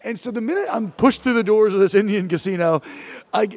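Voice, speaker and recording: A man in his thirties with a high, somewhat mellow voice hosts a podcast, talking at a fairly quick clip. He tells a self-deprecating comic story, acting out the quotes as he goes, in a comedic storytelling chat.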